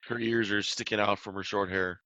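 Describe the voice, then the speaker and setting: A man's voice: fairly low pitch, fairly even intonation, brisk, sharp tone, no echo, poor audio. A man narrating a tabletop game as game master, describing scenes in a loose style with restarts.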